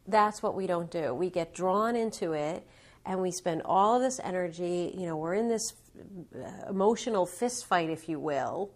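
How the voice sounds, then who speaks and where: A woman with a lowish, slightly mellow voice speaks expressively at a moderate pace. She is an author appearing as a guest in a local TV studio interview, fluently laying out her ideas and acting out small examples.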